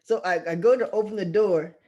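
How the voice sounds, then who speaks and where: A young man casually telling a story to camera, animated, swearing and often laughing. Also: high voice, brisk, lo-fi sound.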